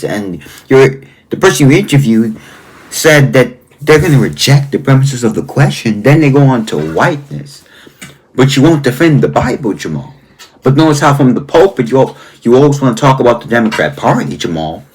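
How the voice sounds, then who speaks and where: A man, a pastor, giving confrontational commentary, scolding someone and repeating their name, and slowing down to stress key phrases. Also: mid-range voice, big pitch swings, slightly rough. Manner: slow, deliberate emphasis on key phrases. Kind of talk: confrontational commentary and reading aloud.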